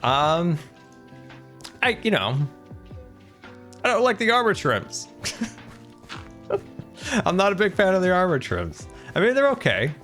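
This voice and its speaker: A man in his thirties chats casually on a live game stream, with a lively voice that swings up and down a lot and laughs often. Faint game music plays under his voice. He keeps talking straight to his viewers in an animated way. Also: high-pitched, slow, pauses often.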